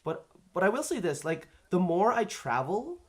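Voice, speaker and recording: A man's voice: sits high, very animated, moderate pace. A man with a Canadian accent hosting a live-stream chat, telling long stories full of fillers and restarts. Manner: rambling storyteller, many fillers and restarts. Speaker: stream host.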